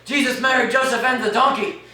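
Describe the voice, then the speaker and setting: A teenage boy playing a melodramatic, cursing father, performed for a high school duo interpretation. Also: steady tone, a little fast, full character voice. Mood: raging. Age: teens. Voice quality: loud, ranting, melodramatic. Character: bellowing middle-aged Irish father, cursing everything. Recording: echoey room, mic far off.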